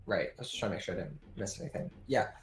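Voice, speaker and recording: A man's voice: fairly low pitch, expressive, very fast, crowd noise. A man running a tabletop game as game master, talking hesitantly with many fillers and restarts. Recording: echoey room with faint clicks.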